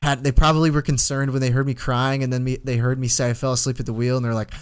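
A man's voice: mid-range voice, quick pace, clean tone. Rambling young man telling a story. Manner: rambling, animated storytelling with many fillers. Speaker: podcast co-host. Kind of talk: casual storytelling chat.

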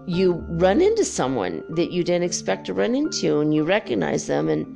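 A woman's voice: lowish voice, very animated, moderate pace, creaky, over music. A middle-aged woman in casual chat, swearing freely and telling stories with animation. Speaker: spiritual vlogger.

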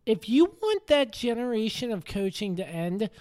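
A woman's voice: on the high side, expressive, moderate pace, a little mellow. A woman co-hosting a sports podcast, opinionated and fond of rhetorical questions. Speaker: co-host. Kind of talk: casual sports chat.

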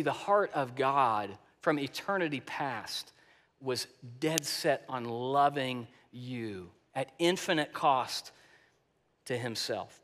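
A male pastor preaching a sermon with emphasis, moving between loud declarations and soft, hushed lines, and often repeating words as he speaks. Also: a little high. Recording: long reverb of a large hall.

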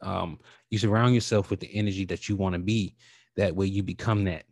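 A man hosting his own podcast in a casual, rambling way, talking with animated feeling and casual swearing. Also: low-pitched, brisk, no room sound. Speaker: podcast host. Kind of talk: casual solo podcast talk.

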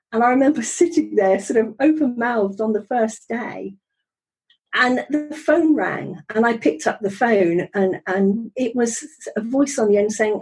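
A middle-aged woman recounting her life story as an interview guest. Her voice is soft, husky and mellow, and she talks in a chatty, wry way, stopping and restarting often. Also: on the high side, a little slow, poor audio. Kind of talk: conversational storytelling.

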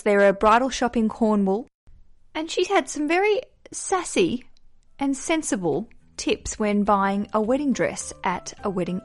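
An Australian woman hosting a podcast, talking in an upbeat, playful and self-deprecating way. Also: on the high side. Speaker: podcast host. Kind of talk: chatty podcast monologue.

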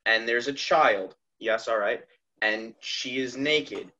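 A young man co-hosting a podcast, chatting casually and trading sarcastic deadpan jokes. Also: mid-range voice, slow, muffled recording. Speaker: podcast co-host. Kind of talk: casual chat.

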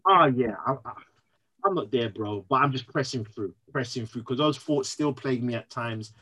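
A man, speaking as a podcast guest, earnest and emotional, telling his story in an animated way. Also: medium pitch, normal speed, breathy edge, rough recording. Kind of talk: candid interview conversation.

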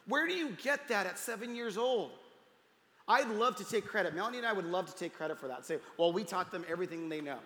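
A man in his thirties, a pastor telling a family story in a sermon, voicing the people he quotes and dropping to a hush at tender moments. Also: sits high. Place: church hall. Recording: roomy hall reverb.

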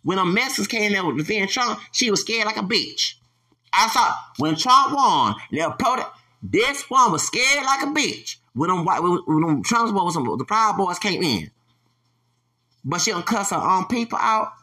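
A man in his forties rants on his own podcast in an angry, profane stream. His voice sits a little high and comes out bright and forceful. He stammers and restarts, then swings into loud, heated bursts. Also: big pitch swings, measured pace. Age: 40s. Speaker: podcast host. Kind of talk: solo podcast rant.

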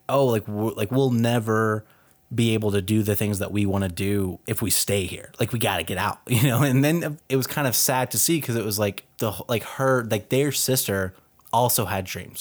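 Young man from texas, podcast co-host, casual film talk, filler-heavy, laughs a lot. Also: fairly low pitch. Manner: animated, laughs often, many fillers.

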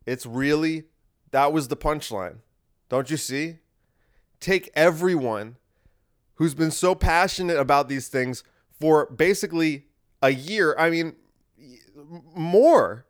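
A man's voice: fairly high pitch, slow, long pauses. A man hosting a podcast, talking in a casual, wry and rambling monologue that circles back and repeats itself. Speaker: podcast host.

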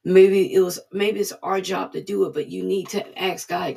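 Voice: mid-range voice, fairly even intonation, moderate pace, creaky, few pauses, a little mellow, husky. A speaker giving an informal devotional talk, earnest and repeating key phrases for emphasis.

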